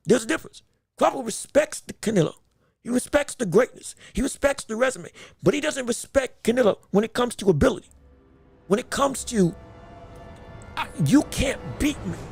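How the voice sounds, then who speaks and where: Gravelly, emphatic man hosting a boxing podcast. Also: very high voice, no room sound, studio quality. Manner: emphatic, repetitive, stumbling restarts. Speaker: podcast host.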